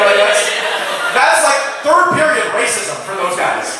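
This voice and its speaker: Young man, stand-up comedian, fairly high voice, bright tone, very echoey room, mic set back. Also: recorded from a distance, noisy background. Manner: animated, riffing with the crowd, quick asides. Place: comedy venue with a live audience.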